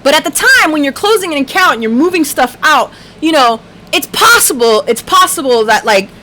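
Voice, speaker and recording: Animated, foul-mouthed woman ranting. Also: high voice, brisk, slight background noise. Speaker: livestream host. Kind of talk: casual livestream storytelling.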